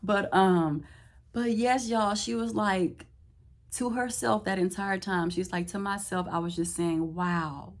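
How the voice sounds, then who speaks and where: A woman, telling a story casually to camera, animated and laughing often as she acts out what others said. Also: medium pitch, unhurried. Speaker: vlogger. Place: Houston, Texas.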